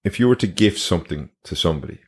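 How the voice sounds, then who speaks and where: A man's voice: low voice, animated, fast, slightly rough. A man hosting a podcast interview, asking rambling questions with lots of restarts. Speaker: podcast host. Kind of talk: casual interview.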